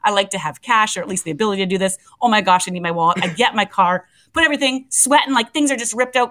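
A middle-aged woman co-hosting morning radio tells an animated story, laughing a lot and acting out voices. Her voice sits at medium pitch, and the recording is rough.

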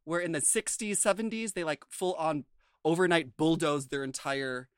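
A man's voice: a little high, normal speed, smooth, no room sound. A man from the United States chats loosely through a show recap on a podcast. He rambles, restarts and fills his sentences with "like" and "um". The recording is dry and close. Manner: chatty, rambling, full of fillers and restarts. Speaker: podcast co-host. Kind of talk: casual chat recapping a TV show.

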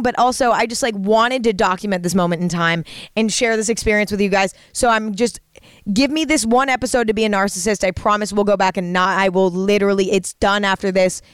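Smooth-voiced earnest woman podcaster. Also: medium pitch, fairly even intonation, fast talker, no echo, studio quality. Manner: earnest, rambling, many fillers and restarts. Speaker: podcast host. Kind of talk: casual podcast monologue. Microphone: studio microphone.

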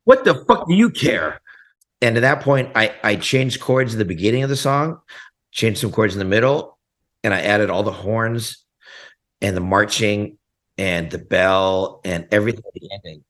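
A man's voice: on the low side, moderate pace. A man, a punk band frontman, telling stories in a casual interview and acting out the people in them. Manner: animated, acts out voices in his stories.

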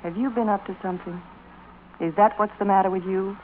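An actress playing a kind, fussing housewife and mother, brisk when scolding and gentle when soothing, in 1940s radio acting. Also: mid-range voice, steady tone, lightly acted. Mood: worried. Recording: tinny old radio broadcast, faint hiss.

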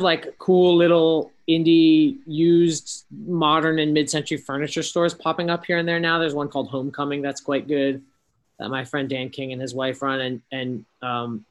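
A man co-hosting a podcast in casual chat over a video call, rambling with fillers and restarts. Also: fairly high pitch. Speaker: podcast co-host.

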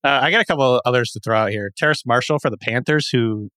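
A man co-hosting a sports podcast in casual chat, steady as he lays out statistics at length. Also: medium pitch, fast, no echo. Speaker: podcast co-host.

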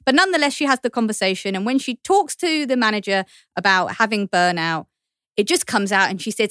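A woman's voice: medium pitch, lively intonation, a little fast, fairly bright tone, clean tone, dry recording, clean studio sound. A woman from East London with a Cockney accent, chatting as a podcast guest and telling a story with frequent laughter. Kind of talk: casual chat.

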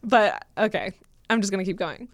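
A woman's voice: mid-range voice, lively intonation, moderate pace, no room sound. A young woman co-hosting a casual podcast, reading listener letters aloud with chatty asides and frequent laughter.

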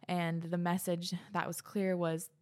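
Rambling woman vlogger, lower voice. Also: level tone, unhurried, a little mellow. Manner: rambling, filler-heavy, laughs at herself. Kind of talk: casual chat to camera.

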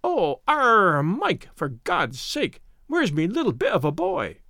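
A man's voice: sits high, huge pitch swings, slow pace, pushed and bright, no room sound, clean studio sound, full character voice. A man voicing a frantic middle-aged Irish landlady who wails tearfully over her lost boy in an audiobook reading. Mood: wailing. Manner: wailing, tearful.

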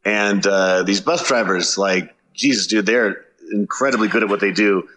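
A man casually telling a road story from a tour, animated and swearing, acting out his own shouts. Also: lowish voice, moderate pace. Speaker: touring musician.

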